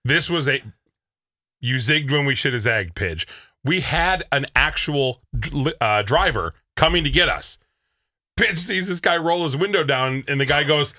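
A man's voice: a little high, animated, normal speed, pushed and bright. A man co-hosting a radio show, telling a story in casual banter and acting out other people's lines.

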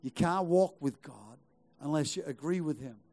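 A man's voice: a little high, lively intonation, moderate pace, a little mellow. A middle-aged male pastor preaching a sermon, urging the congregation on with rhetorical questions and repeated phrases. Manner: emphatic, exhorting with rhetorical questions and repetition.

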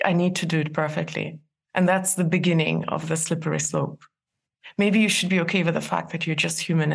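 A woman's voice: on the low side, gravelly. A woman in her forties, a guest in an interview, giving earnest advice with frequent laughs and restarts. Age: 40s. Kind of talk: interview conversation.

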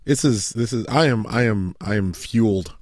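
A man's voice: fairly low pitch, moderate pace, a little mellow, dry recording, clean studio sound. A man in his thirties co-hosting a podcast, rambling and swearing, laughing often through crude banter. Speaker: podcast co-host.

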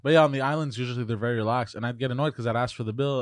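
A man in casual chat, telling excitable stories and cutting in on others. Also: medium pitch, racing, no room sound, clean studio sound. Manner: excitable, interrupting storyteller.

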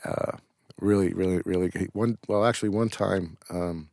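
Low, gravelly man telling stories. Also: steady tone, normal speed, a little mellow, dry recording, clean studio sound. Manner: rambling, with restarts and swearing. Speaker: actor, interview guest. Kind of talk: casual interview storytelling.

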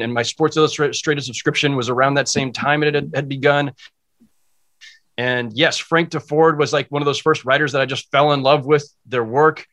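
A man who is a guest sportswriter, with a bright, forward voice pitched a little high. He speaks in a reflective, heartfelt way in casual chat.

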